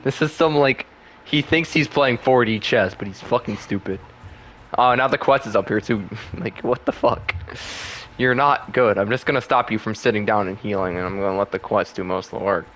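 Young male gaming host, lowish voice, loose profane trash talk with lots of laughing, faint hiss behind. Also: normal speed, a bit bright. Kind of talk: casual gameplay commentary.

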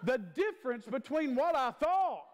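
High-voiced preacher man in his fifties. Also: very animated, unhurried. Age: 50s. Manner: emphatic, repetitive preaching cadence with stretched words. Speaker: guest preacher. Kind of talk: sermon. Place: church sanctuary. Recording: long church hall reverb.

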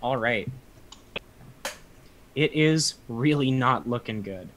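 A man's voice: mid-range voice, slow pace, a bit bright. Easygoing young man as game master. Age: young adult. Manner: easygoing, answers rules questions plainly. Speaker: dungeon master. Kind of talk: narrating a tabletop game.

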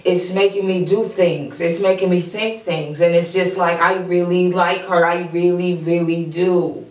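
A woman hosting a casual reaction show, gushing and excitable, repeating herself as she praises the freestyles. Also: fairly low pitch, moderate pace, roomy sound, recorded from a distance, low-quality recording.

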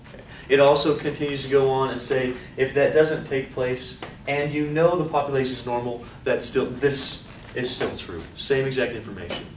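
A man's voice: mid-range voice, distant mic. Joking male teacher in an echoey hall. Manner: animated, joking, asks class questions. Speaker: college statistics teacher. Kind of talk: classroom lecture. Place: lecture hall. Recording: echoey hall, voice off-mic, faint hiss.

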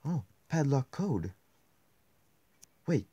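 Foul-mouthed man yelling at a horror game. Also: medium pitch, very animated, drawn-out words, husky. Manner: swears constantly, swings from mutters to angry yelling. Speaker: gameplay commentator. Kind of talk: casual let's play commentary.

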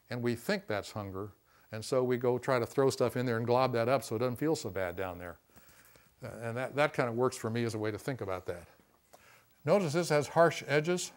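Middle-aged man teaching a class. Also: medium pitch. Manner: conversational, repeats "see" to stress points. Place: room with a class.

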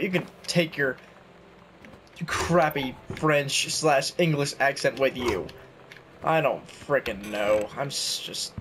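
A man's voice: medium pitch, fairly bright tone, a little hiss or hum. A young man chatting casually and self-mockingly while playing a game. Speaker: gaming YouTuber. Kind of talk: casual let's-play commentary.

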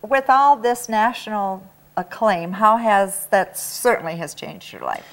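A woman's voice: mid-range voice, big pitch swings, unhurried, low-quality recording. A woman co-hosting a local TV interview, reacting with short enthusiastic exclamations. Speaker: TV show co-host. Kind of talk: casual interview chat.

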